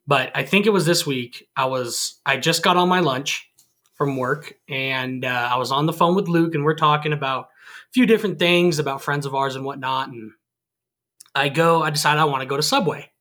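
A man's voice: a little high, normal speed, fairly bright tone. A man in his twenties chatting casually, acting out both sides of conversations as he tells stories. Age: 20s. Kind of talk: casual storytelling chat.

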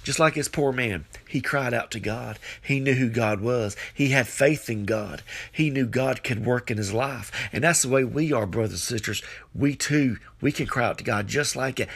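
A man's voice: moderate pace, gravelly, few pauses, a bit bright, breathy edge. A man preaching a devotional podcast sermon, repeating phrases and growing fervent as he urges listeners on. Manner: repetitive, fervent, rising pitch when exhorting.

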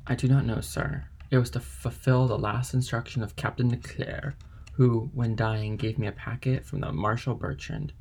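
A man with a gravelly, husky voice voicing a dutiful young male ship's mate in an audiobook reading. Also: mid-range voice, flat delivery, moderate pace, a little mellow. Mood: earnest.

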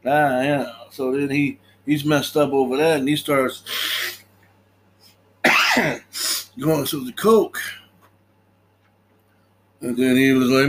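A man's voice: medium pitch, takes it slowly, long pauses, fairly bright tone. A man casually recapping a movie in a laid-back way, laughing often and acting out lines.

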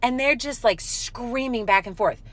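Animated woman telling a story. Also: on the high side, a little slow, dry recording. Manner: animated storyteller, laughs often, says "like" a lot. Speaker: podcast co-host. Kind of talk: casual chat.

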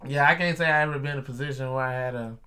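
Animated, bright-voiced young man telling stories. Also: mid-range voice, racing. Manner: animated, profane storyteller acting out quoted voices. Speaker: package delivery driver. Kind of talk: casual storytelling chat.

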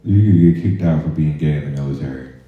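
A man with a very deep voice talks fast as he hosts a podcast, an army veteran telling stories in a profane, laid-back way and drifting into quiet asides. It's casual storytelling, recorded muffled in an echoey room.

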